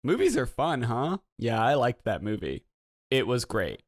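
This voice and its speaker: A man's voice: mid-range voice, huge pitch swings, a little slow, dry recording. Emphatic, profane man on a dry mic. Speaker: podcast co-host. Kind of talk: casual chat.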